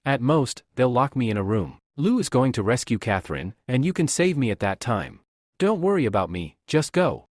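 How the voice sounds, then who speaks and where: Man doing a proud captive princess, calm, lively pitch, dry sound. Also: moderate pace, no echo.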